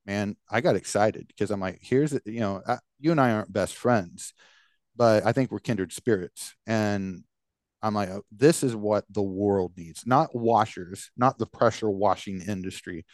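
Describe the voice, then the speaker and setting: A man's voice: lowish voice, a little slow, dry recording. Rambling male podcast host, dry close sound. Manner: rambling, many fillers and restarts. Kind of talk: casual conversational rant.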